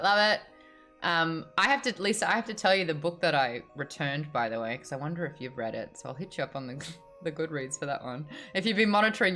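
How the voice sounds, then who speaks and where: A woman's voice: fairly low pitch, a bit bright. An Australian woman hosting a casual book chat on a video call, bubbly and chatty. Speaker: host.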